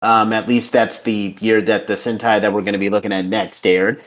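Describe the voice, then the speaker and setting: A man's voice: on the low side, flat delivery, moderate pace. Man hosting, many ums and uhs. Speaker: podcast host. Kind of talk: casual podcast chat and wrap-up.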